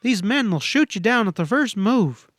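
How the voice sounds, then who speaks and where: A man's voice: sits high, animated, normal speed, fairly bright tone, dry recording, clean studio sound, pitched above the performer's own voice. A man reading a western audiobook, voicing an earnest, desperate young frontier woman in a pleading, breathless way. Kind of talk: audiobook character voice.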